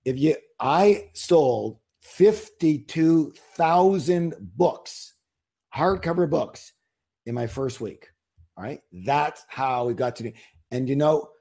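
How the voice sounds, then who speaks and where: Husky, warm-voiced man pitching hard. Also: lively intonation, unhurried. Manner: emphatic, salesy, rhetorical questions to listeners. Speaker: author, interview guest. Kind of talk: casual interview talk.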